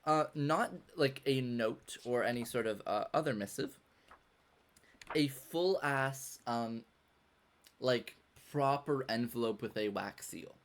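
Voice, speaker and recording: A man narrating as game master over a video call, halting and full of fillers. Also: medium pitch. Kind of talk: narrating a tabletop game online.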